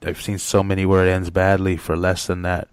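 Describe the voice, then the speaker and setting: A man's voice: sits low, little pitch movement, a little fast, smooth, no echo. A man co-hosting a casual political discussion, talking in a sardonic, joking way. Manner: sardonic, jokey, acts out quoted shouts. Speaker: co-host.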